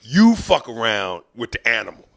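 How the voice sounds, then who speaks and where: A man hosting a podcast, spinning comic stories with lots of swearing and acting out the characters in them. His voice is gravelly, with a bright, forceful edge. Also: medium pitch, moderate pace. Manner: animated, profane, acts out the people in his stories. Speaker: podcast host. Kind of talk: comedic storytelling.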